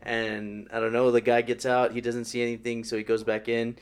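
A man's voice: medium pitch, completely flat delivery, brisk. A man co-hosting a casual chat, retelling a scary story in a laid-back way with plenty of fillers. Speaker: podcast co-host. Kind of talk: casual chat among friends.

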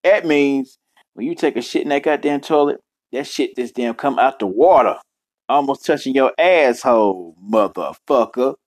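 A man's voice: medium pitch, expressive, normal speed, darkish tone. A man in a casual, rambling rant, cursing constantly and jumping between topics. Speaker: vlogger.

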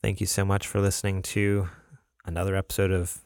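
Gravelly low-voiced podcast host, dry close mic. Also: male voice, level tone, brisk, a little mellow, no room sound. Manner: laid-back, laughing often, many fillers. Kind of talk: casual chat.

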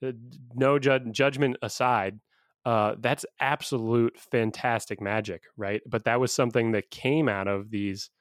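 A man's voice: mid-range voice, steady tone, a little slow, no echo, studio quality. A man co-hosting a casual podcast chat, musing aloud and laughing often. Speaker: podcast co-host.

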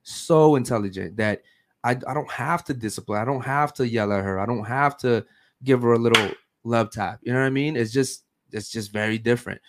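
Podcast host, man in his thirties, mid-pitched, emphatic and talkative, keeps asking "right?". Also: fairly quick, a bit bright, a little hiss or hum. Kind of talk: casual podcast chat.

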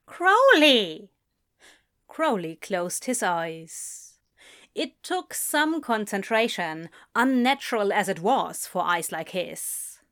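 A woman narrating a fan fiction story in an unhurried, expressive storytelling manner. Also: mid-range voice. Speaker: reader.

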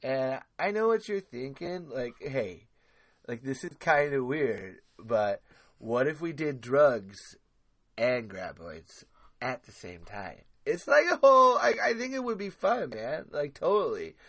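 A man's voice: medium pitch, big pitch swings, a little slow, a bit bright, full character voice. A man doing an impression of a laid-back, easygoing young stoner who drawls and keeps saying "man" and "dude.".

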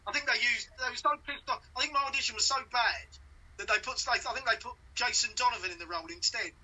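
A man's voice: very high voice, quick pace, pushed and bright, slight background noise, poor audio. A middle-aged man from London with a Cockney accent, a comedian chatting as a guest and laughing at his own stories. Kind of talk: casual chat.

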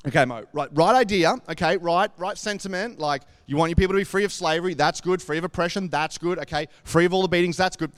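A man with a high, smooth voice talks quickly and with few pauses in a dry recording. He gives an earnest devotional talk, retelling a scripture story conversationally, full of "like" and asides.

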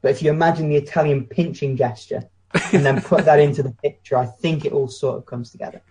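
A man's voice: on the high side, steady tone, quick pace, mellow. A British man co-hosting a casual podcast chat, blunt and opinionated, telling anecdotes. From Britain. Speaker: podcast co-host.

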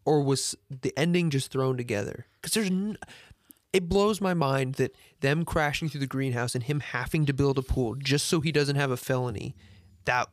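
A man's voice: medium pitch, moderate pace, no room sound, studio quality. A man co-hosting a podcast, rambling in casual chat and sounding exasperated about a film's flaws, with many restarts. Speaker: podcast co-host. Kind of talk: casual movie review chat.

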